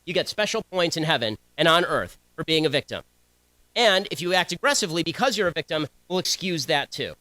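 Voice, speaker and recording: A young man giving a combative, sarcastic political speech to students, talking in rapid-fire bursts. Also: a little high, expressive, pushed and bright, no room sound, rough recording. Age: young adult.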